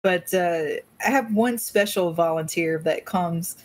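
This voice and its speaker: A woman's voice: lowish voice, a little slow. A woman, co-hosting a casual chat and telling rambling stories. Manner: rambling, warm storyteller with restarts. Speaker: volunteer coordinator, co-host.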